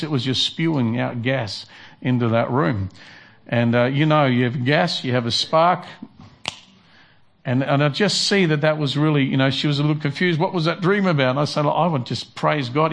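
A male pastor, giving a conversational sermon with many restarts. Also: mid-range voice.

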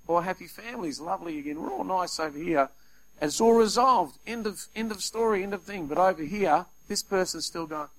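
Brief: male preacher, fairly high voice, animated sermon delivery with acted-out asides. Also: fairly quick, low-quality recording. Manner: animated, acts out little scenes in quoted voices.

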